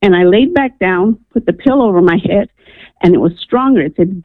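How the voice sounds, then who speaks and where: A woman from New Mexico, USA, calls into a radio show to tell a personal story, earnest and animated, acting out the people involved. Her mid-range voice is expressive and moderately paced. It comes through a narrow, tinny phone line, sounding dry with no room sound.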